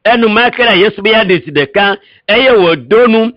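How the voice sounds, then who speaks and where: High voice guy translating a sermon line by line, quick, muffled lo-fi sound. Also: animated. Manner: quick, echoing the preacher's cadence. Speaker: sermon interpreter. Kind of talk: live sermon interpretation. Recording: muffled lo-fi recording.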